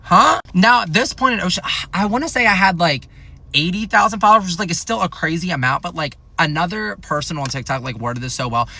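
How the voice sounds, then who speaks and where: A young man in his twenties telling a casual storytime monologue, jokey and animated, swearing often and jumping up into squeals for effect. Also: quick pace. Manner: animated, jokey, swears a lot, big pitch jumps into squeals. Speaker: TikTok storyteller.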